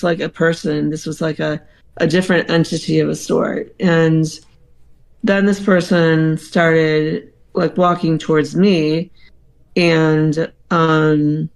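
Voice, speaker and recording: A podcast guest recounts a story in a loose, halting way, leaning on ums and likes as the thoughts form. The voice stays level and flat in pitch, with a gravelly fry running under it. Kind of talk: casual storytelling, recounting a dream.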